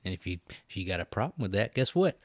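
A man's voice: big pitch swings, fast, a little hiss or hum. A man co-hosting a podcast, chatting loosely and with lots of swearing. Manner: profane, rambling, mocking quotes in a high voice. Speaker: podcast co-host. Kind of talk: casual chat.

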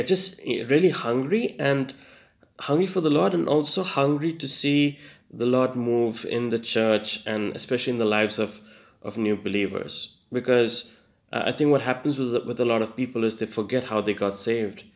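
A man's voice: medium pitch, moderate pace, creaky. A young man giving an earnest personal testimony, hesitant and full of fillers and restarts, with self-deprecating laughter. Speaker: testimony speaker.

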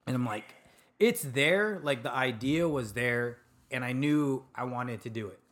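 Young man, from Sacramento, podcast guest, casual, laid-back, laughing, cursing, mid pitch. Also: animated, unhurried, a bit bright. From Sacramento, California. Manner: laid-back, laughs often, swears freely. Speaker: podcast guest, food truck owner. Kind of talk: casual storytelling chat.

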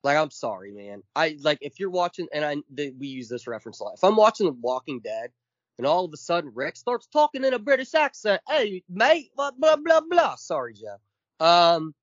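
Swearing freely, a man co-hosting a podcast rants with casual emphasis and ticks through his points one by one. He talks briskly in a voice on the high side with big pitch swings, and the recording is dull, lo-fi, and dry with no echo.

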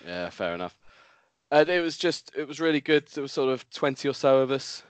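A man's voice: mid-range voice, big pitch swings, a little fast, clear, resonant tone, no echo. A man hosting a podcast and chatting casually in a rambling way. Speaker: podcast host.

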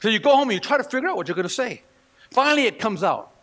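A man preaching a sermon in church, telling stories with animated delivery and acting out the people he quotes. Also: very high voice, very fast. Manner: animated storytelling, acts out quoted voices. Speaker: pastor. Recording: long reverb of a hall.

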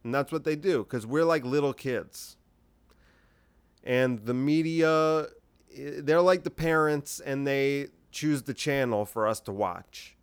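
A man's voice: mid-range voice, slow pace, smooth, no echo. Rambling, incredulous man hosting a podcast. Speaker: podcast host. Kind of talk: solo political commentary podcast.

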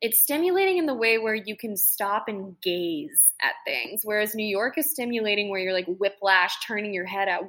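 A woman's voice: mid-range voice, lively intonation, normal speed, hardly any pauses, fairly bright tone. A woman in her late twenties, co-hosting a podcast and telling rambling, emotional stories in casual chat. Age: late 20s. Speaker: podcast co-host.

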